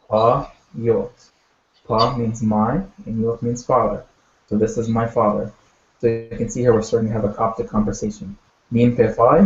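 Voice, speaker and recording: A man teaching a language class, explaining words step by step in a patient way, with many pauses and fillers. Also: medium pitch, a little mellow. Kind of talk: online language lesson. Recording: echoey, dull audio.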